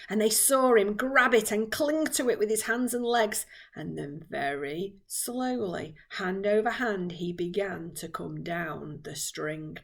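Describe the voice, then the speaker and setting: A woman, a primary school teacher, reading a children's book aloud with expressive, lively storytelling. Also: medium pitch.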